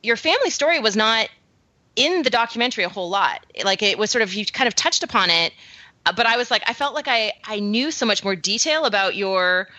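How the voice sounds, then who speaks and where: A woman from Canada with a softened Canadian accent, hosting a podcast in casual, chatty talk full of "like" and "um". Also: mid-range voice, expressive, fairly quick, dry recording, dull audio. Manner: chatty, filler-heavy, laughs often. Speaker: podcast host. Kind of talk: casual chat.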